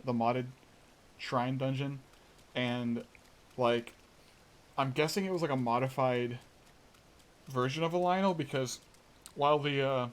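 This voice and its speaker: A man's voice: mid-range voice, measured pace, long pauses. A man rambling through casual live gameplay commentary, full of fillers and restarts. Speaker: game streamer.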